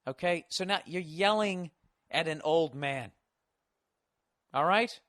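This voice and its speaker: A man's voice: fairly high pitch, slow pace, no echo, studio quality. Foul-mouthed ranting male streamer. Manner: animated, crude and swearing, repeats words. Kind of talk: casual profane rant.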